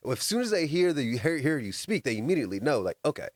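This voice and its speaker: A man co-hosting a casual podcast, animated and quick to laugh as he tells stories. His voice sits at a middle pitch. He is recorded in a dry, close setting. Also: dry recording. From United States. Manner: laughs often, animated storytelling. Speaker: podcast co-host. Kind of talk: casual chat.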